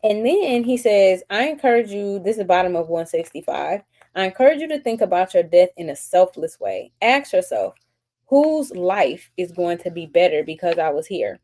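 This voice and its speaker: A woman's voice: lowish voice, a little mellow. Upbeat chatty woman hosting a stream. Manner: chatty, reads aloud and answers chat comments; upbeat and gushing. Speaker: book club host. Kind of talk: live-stream book discussion.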